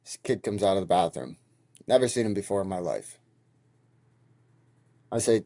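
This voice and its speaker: Heated profane young man, mellow voice. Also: sits low, moderate pace, long pauses, no room sound, studio quality. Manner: heated, profane, animated retelling. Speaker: podcast host. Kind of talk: casual storytelling monologue.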